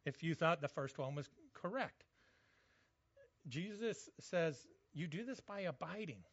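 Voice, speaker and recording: A man's voice: fairly high pitch, normal speed, no echo, highs cut off. A male pastor giving a conversational sermon, often repeating words as he goes.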